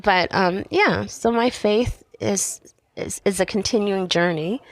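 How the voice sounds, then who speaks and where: A middle-aged woman from Canada, a podcast guest sharing a personal faith story in animated conversation. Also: medium pitch, measured pace, no room sound. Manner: animated storytelling, acting out voices in quotes.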